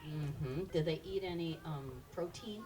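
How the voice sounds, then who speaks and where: A woman's voice: deep voice, unhurried, recorded from a distance. A woman presenting live animals to children at an outdoor park show, quizzing the audience in an upbeat way.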